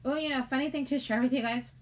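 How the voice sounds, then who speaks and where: A woman's voice: high voice, fairly even intonation, fast. A middle-aged woman hosting a casual livestream, chatty and giggly, rambling as she greets viewers in the chat. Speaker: livestream host.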